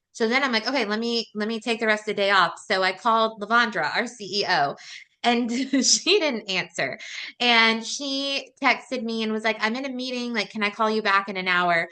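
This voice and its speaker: A woman podcast host, telling a personal story in casual chat, with lots of fillers and laughter. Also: a little high. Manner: chatty, animated, many "like" fillers and laughs.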